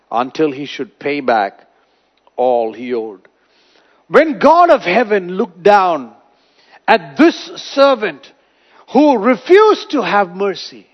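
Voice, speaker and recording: A man preaching a sermon, retelling a parable with dramatic storytelling and wide swings in loudness. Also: sits high. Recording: dull lo-fi recording.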